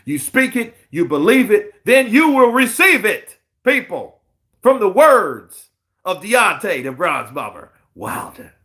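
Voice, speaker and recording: Man, live-stream boxing host, high bright voice, swooping pitch, excitable, profane. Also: unhurried. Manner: excitable, profane, laughing often. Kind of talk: casual live-stream commentary.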